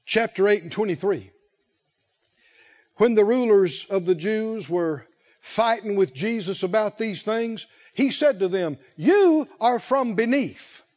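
A man preaching a sermon, emphatic and repetitive, who slows to stress key phrases and rises in fervor. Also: high voice, darkish tone. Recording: dull lo-fi recording.

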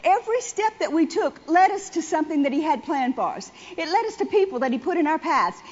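A woman's voice: high-pitched, expressive, brisk, darkish tone, dull audio. A woman preaching a conversational sermon to a congregation, repeating phrases for emphasis. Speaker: church speaker.

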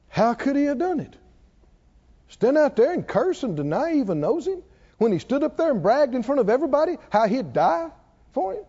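A male preacher with a very high, animated voice that swoops through his questions to the congregation. He pushes them emphatically and chuckles between points. The recording is dull and lo-fi. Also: husky, in a large hall. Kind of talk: sermon with call-and-response.

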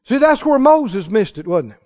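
A man preaching with a very high, lively voice that swoops and climbs to shouted peaks. He acts out quotes and reads scripture with dramatic weight. The sound is dull and lo-fi. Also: normal speed. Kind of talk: sermon.

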